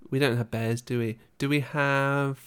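A man from Britain co-hosting a relaxed podcast chat. He muses aloud, hedges, and lets his thoughts trail off. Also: medium pitch, a little slow, noisy background. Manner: chatty, musing, trails off. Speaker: podcast co-host. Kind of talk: casual chat.

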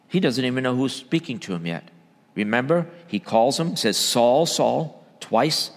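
A man, a church elder, preaching a sermon, swinging between loud emphatic bursts and low quiet asides. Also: animated, normal speed, in a large hall.

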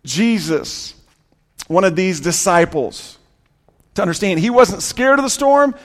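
A man preaching a sermon, building emphasis through repeated, rhythmic lists and then dropping to a quieter, intimate tone. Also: sits high, sing-song, takes it slowly. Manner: preaching with rising and falling intensity, repetitive emphatic lists. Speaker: pastor. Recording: long hall reverb.

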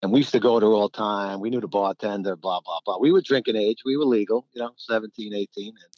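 A man's voice: fairly low pitch, fast talker, dry recording, lo-fi sound. An older man, a former basketball player telling rambling stories in a casual interview, acting out old quotes. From New Jersey. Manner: rambling, animated, acts out quotes. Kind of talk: casual storytelling.

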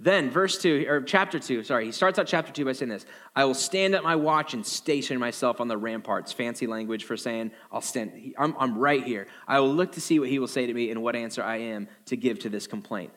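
A man preaching a sermon as a pastor, animated and jokey, acting out quoted voices in a higher pitch. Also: fairly quick, few pauses.

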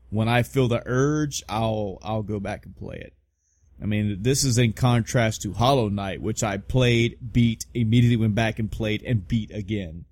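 A man's voice: fairly low pitch, a little mellow, no echo. A man co-hosting a casual podcast, rambling and swearing with self-mocking humor. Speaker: podcast co-host. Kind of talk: casual chat.

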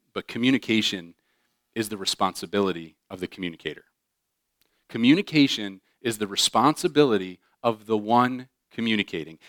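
Animated male preacher, dry sound. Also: medium pitch, no echo. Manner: animated, acts out quoted voices with humor. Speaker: pastor. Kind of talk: sermon.

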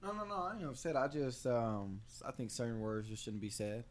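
A young man with a middle-pitched voice in a casual chat among friends. He argues his points earnestly against the others. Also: very animated, brisk. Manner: earnest, argumentative. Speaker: podcast co-host.

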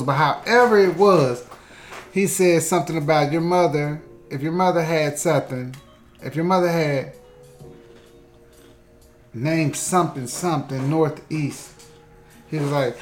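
A co-host telling stories in a casual chat, animated and stammering through restarts. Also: medium pitch. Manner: animated, acts out quoted voices, stammering restarts. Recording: roomy echoey room.

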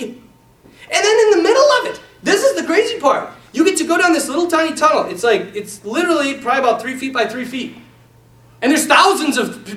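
A lively male priest chats to a group, his pitch swinging widely as he laughs and acts out each scene. His voice comes from some distance in an echoing hall. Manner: animated, laughs often, acts out quotes. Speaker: Catholic priest speaking to a group. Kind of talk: casual talk with a story. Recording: roomy hall, distant mic.

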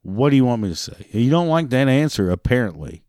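A man's voice: medium pitch, sing-song, fairly quick, a little mellow, dry recording, clean studio sound. A man in customer service ranting through a story about a stubborn customer, profane, sarcastic and exasperated. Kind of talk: storytelling rant.

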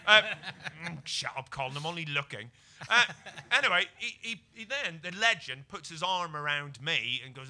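A British man, a comedian guest, telling a comic story on a podcast, jumping between quiet mutters and excited bursts. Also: a little fast. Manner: animated, swings from low mutters to excited bursts.

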